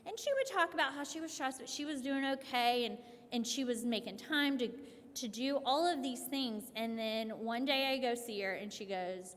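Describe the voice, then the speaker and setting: A woman clinician giving a conversational workshop talk to families, telling stories in a lively way with frequent restarts. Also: fairly high pitch, normal speed. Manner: conversational, animated storytelling with many restarts and "like". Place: event hall. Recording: long hall reverb.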